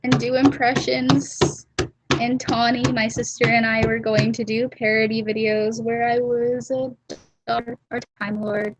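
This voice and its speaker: A woman's voice: fairly high pitch, flat delivery, unhurried, slight background noise, poor audio. Woman, young adult, casual drawing hangout, rambling, giggly, laptop webcam audio. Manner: rambling, giggly, trails off into mumbles. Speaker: livestream host. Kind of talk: casual chat while drawing. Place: warm room at home.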